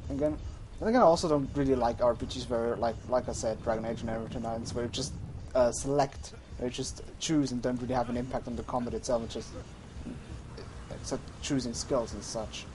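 A man's voice: mid-range voice, steady tone, fairly quick, background noise. A man streaming a game, chatting casually, rambling and often correcting himself. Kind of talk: casual gaming livestream chat.

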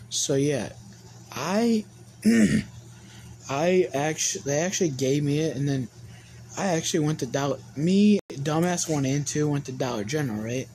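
A man's voice: a little high, lively intonation, normal speed, darkish tone, a little hiss or hum, rough recording. A young man tells a casual storytime vlog, rambling and swearing with lots of filler words. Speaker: vlogger.

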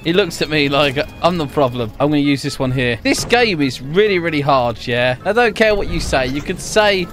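A young man giving jokey, excitable commentary over his own gameplay, laughing often. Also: fairly high pitch, normal speed, few pauses. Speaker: gaming YouTuber.

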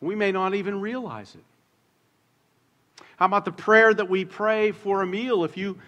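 A middle-aged man preaches from the pulpit in a relaxed, conversational way. His voice is bright and sits a little high for a man, and it rings out with a long echo through the church hall. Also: dull audio. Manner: conversational, jokes with the congregation, slows down to stress words. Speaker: pastor. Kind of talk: sermon. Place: church sanctuary.

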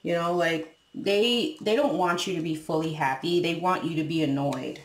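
In a reverberant space, a woman with a low voice gives her viewers a casual tarot reading at a moderate pace. She speaks frankly, swears freely, and laughs while acting out what people say.

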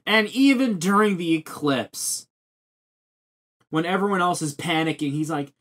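A man co-hosting a podcast, telling stories animatedly in a casual chat. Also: on the high side. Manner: animated, quick storytelling. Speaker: podcast host.

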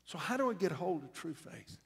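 A man preaching a sermon as a bishop, in a church sanctuary, with a preaching cadence that rises to loud repeated refrains. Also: a little high, very animated, a little fast, creaky, breathy edge. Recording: long reverb of a church hall.

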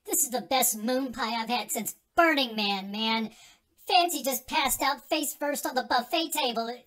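Comedy sketch: man playing a squeaky, stoned partygoer with bright, lively delivery. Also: measured pace, full character voice. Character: stoned party guest doing fake accents.

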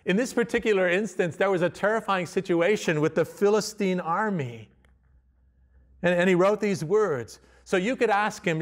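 A man preaching a sermon in a conversational way, often restarting phrases and reading scripture slowly. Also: high-pitched, very animated. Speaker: pastor.

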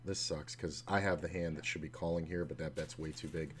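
Brief: deep-voiced man, relaxed poker streamer narrating his hands from his home desk, faint hum behind. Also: fairly quick. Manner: relaxed, chatty, sometimes swearing. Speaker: online poker player streaming his session. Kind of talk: casual running commentary while playing.

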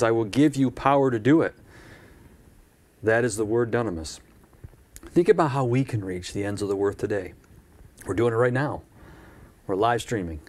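A man's voice: lowish voice, darkish tone. A man preaching a live-streamed church sermon in a conversational way, with asides and repeated phrases.

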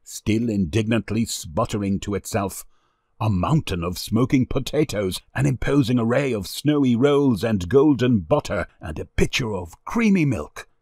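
A man narrating an old storybook in an expressive, lively way. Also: lowish voice, normal speed, slightly rough, dry recording, studio quality. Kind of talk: storybook reading.

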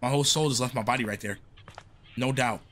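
A man's voice: mid-range voice, fast, fairly bright tone, a little hiss or hum. A young man doing casual let's-play commentary, jumpy and slangy, exclaiming often. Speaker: gaming streamer.

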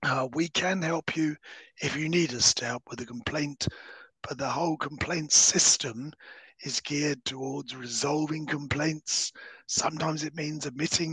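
A hoarse man, a solicitor giving a measured, explanatory webinar talk over a video call. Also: on the high side, fairly bright tone, no echo, rough recording. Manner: measured, explanatory, dips into breathy near-whispers. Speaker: solicitor giving legal advice. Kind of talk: webinar presentation.

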